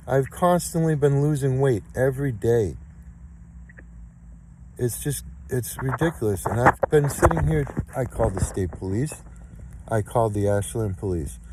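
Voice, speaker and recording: A man's voice: medium pitch, mellow, low-quality recording. A man in his fifties, speaking in an aggrieved, insistent monologue about his case and repeating his points. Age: 50s. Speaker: complainant recording his case. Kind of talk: emotional spoken monologue.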